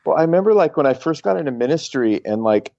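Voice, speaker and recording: Emphatic higher-voiced male pastor. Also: expressive, gravelly, dark tone, dry recording. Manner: rambling, emphatic, quick bursts. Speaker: pastor and podcast co-host. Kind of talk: casual chat. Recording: dull, slightly lo-fi dry sound.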